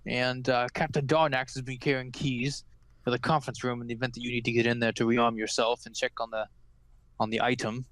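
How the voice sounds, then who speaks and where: A man's voice: mid-range voice, level tone, a little fast, fairly bright tone, no room sound, natural voice, low-quality recording. Man doing a chatty human gate guard. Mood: explaining. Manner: casual, rambling explanations with fillers.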